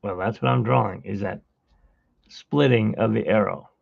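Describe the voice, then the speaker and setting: A man's voice: lowish voice, moderate pace, creaky, breathy edge, no room sound, muffled recording. A tired man who got little sleep, hosting a live drawing stream and chatting casually in a rambling way as he works. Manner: rambling storyteller, hums while working.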